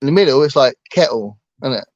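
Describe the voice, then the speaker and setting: A man's voice: a little high, brisk, no room sound, lo-fi sound. An English man chatting casually as a co-host, self-deprecating and laughing often. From England. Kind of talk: casual chat.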